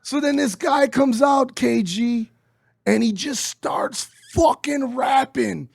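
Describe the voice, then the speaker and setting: A middle-aged man, telling a story as an interview guest, animated and swearing as he acts out quotes. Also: very high-pitched, slow pace, vocal fry, husky, no echo, clean studio sound. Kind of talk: casual storytelling.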